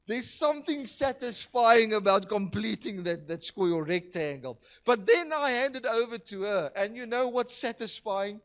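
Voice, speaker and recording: A man's voice: high-pitched, very animated, moderate pace, hardly any pauses, fairly bright tone. A man preaching a sermon in a church, talking conversationally and joking with the congregation. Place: church hall.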